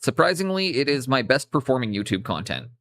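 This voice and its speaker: A man's voice: mid-range voice, big pitch swings, brisk, fairly bright tone, a little hiss or hum. A young man with a Canadian accent chatting casually on a live stream, rambling and cutting himself off, on a cheap USB mic. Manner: rambling, self-interrupting, casual swearing. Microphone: cheap USB microphone.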